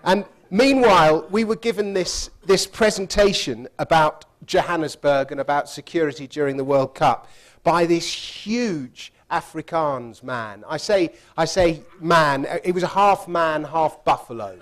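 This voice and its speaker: Guy spinning a travel story, slightly high voice, keeps laughing. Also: measured pace. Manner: chatty, laughs through the story. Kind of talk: anecdotal storytelling talk.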